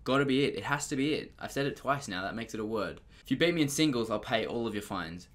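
A young man narrating a casual comedic vlog, joking and self-mocking, with sudden loud, high outbursts. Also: animated, fast, a little hiss or hum. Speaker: vlogger.

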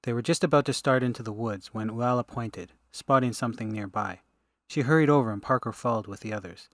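A man, the author, reading his fantasy audiobook in steady, measured narration. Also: lowish voice, no echo, studio quality. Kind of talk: scripted narration.

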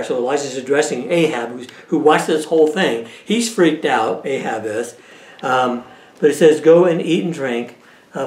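A man teaching a Bible study lesson in a conversational way, often checking in with his listeners. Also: on the high side. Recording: echoey room.

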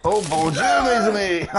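A man's voice: sits high, very noisy. A man doing a chuckling French Canadian slasher. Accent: put-on French Canadian. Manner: chuckling, ends lines with "huh?". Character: cheerful French Canadian male slasher, creepily friendly. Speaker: streamer. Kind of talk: comic live game commentary in character. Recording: game music loud behind voice.

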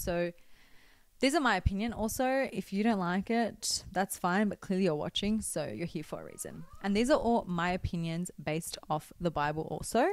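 A young woman talking to camera in a chatty, expressive way, giving faith-based advice with teasing asides to her viewers. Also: on the low side, no echo. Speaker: vlogger.

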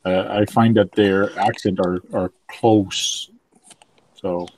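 A man's voice: low voice, steady tone, a little mellow, poor audio. French-speaking man hosting a live chat. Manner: reads viewer comments aloud, halting with fillers. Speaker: livestream host.

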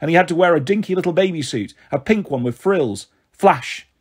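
A man narrating a children's novel aloud with expressive, lively storytelling. His voice is a little high for a man, with a husky, breathy grain. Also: fast talker. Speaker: audiobook narrator.

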